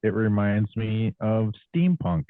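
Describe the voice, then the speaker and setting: A man's voice: on the low side, animated, slow, no room sound, phone-quality sound. A man hosting a podcast, asking questions and teasing his guests in a casual, joking way. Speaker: podcast host.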